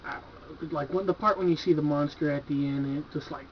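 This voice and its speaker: Talking fast in a fairly high voice, a man casually reviews horror movies from his home collection, laid-back and enthusiastic. He swears freely and fills his speech with "like" and "you know." The home video recording is dull and lo-fi, with slight background noise.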